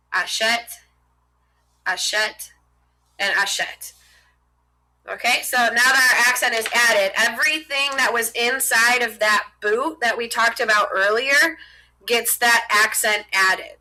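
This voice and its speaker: A young woman teaching French, casual and chatty, narrating as she writes on a board. Her voice is very bright and a touch high. She explains step by step without any formality. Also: low-quality recording. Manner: talks while writing on a board, chatty and informal.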